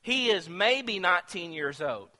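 A man preaching a sermon, retelling a story in an animated way that swings from hushed to emphatic. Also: high voice, a little slow, in a large hall.

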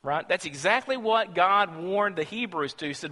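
A man's voice: sits high, lively intonation, normal speed, sharp tone, in a large hall. A man preaching a sermon to his congregation, emphatic and full of rhetorical questions.

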